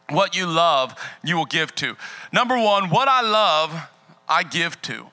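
A young male pastor gives a relaxed, joking sermon in a church and chats with the congregation. His voice is very bright and pitched a little high. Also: normal speed, rough recording. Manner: casual, joking, lively with the crowd. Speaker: guest pastor. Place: church sanctuary.

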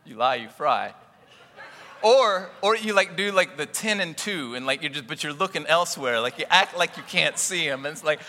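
A man preaching a chatty, funny sermon in a church, his bright voice ringing out with a long hall echo. He swoops through a lively range of pitch, slipping into little acted-out scenes. His voice sits a bit high for a man. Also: moderate pace. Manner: animated, acts out little scenes, chuckles often. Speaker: pastor. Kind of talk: humorous conversational sermon. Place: church sanctuary.

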